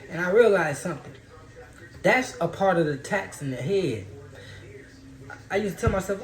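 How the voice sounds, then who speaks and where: A man's voice: high voice, animated, normal speed, long pauses. A man giving a loose, profane, preachy spiritual monologue in casual talk. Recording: roomy echo.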